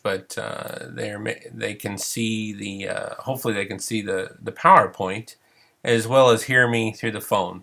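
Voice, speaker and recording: A man's voice: medium pitch, creaky, pushed and bright. A middle-aged man who is losing his voice, talking in a chatty, rambling way with many fillers as he leads an online training session. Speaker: counseling supervision trainer. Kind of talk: casual online training webinar.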